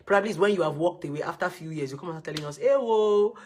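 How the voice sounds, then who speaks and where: Husky-voiced woman scolding listeners. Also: deep voice, very fast, darkish tone. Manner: repetitive, scolding, drills points by repeating words. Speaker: relationship advice speaker. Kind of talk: emphatic advice talk.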